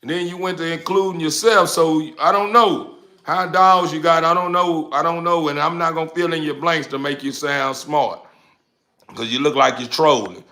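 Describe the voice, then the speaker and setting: Casting: young man, live-stream host, bright forceful voice, relaxed drawl, stumbles and repeats while reading chat. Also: a little high, normal speed. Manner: laid-back, drawling, repeats words while reading comments. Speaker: dog breeder hosting a live stream.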